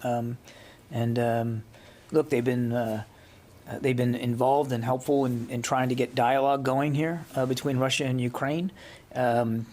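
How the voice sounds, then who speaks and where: A middle-aged man fielding questions at a press briefing in a briefing room. His voice sits at an ordinary pitch, and he speaks haltingly, repeating words as he gathers his answers. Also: steady tone, a little mellow. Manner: halting, many restarts and fillers. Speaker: press secretary.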